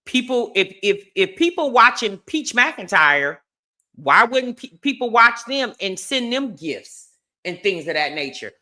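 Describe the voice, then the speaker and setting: Chatty woman with a bright, lively voice. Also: medium pitch, measured pace. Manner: chatty, opinionated, addresses viewers as y'all. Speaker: commentary host. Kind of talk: casual gossip commentary.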